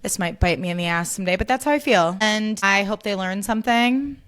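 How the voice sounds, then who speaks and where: A woman hosting her own podcast in a loose, ranting chat. She gets fired up and swears freely as she goes. Her voice sits at a middling pitch for a woman. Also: fairly quick, clear, resonant tone. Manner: animated, swears freely, worked up. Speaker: podcast host. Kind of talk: solo podcast, casual rant.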